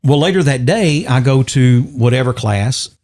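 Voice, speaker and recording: A man's voice: mid-range voice, animated, normal speed, a little mellow. Chatty man telling rambling stories. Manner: rambling storyteller, chuckles often. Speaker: podcast co-host. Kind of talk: casual chat.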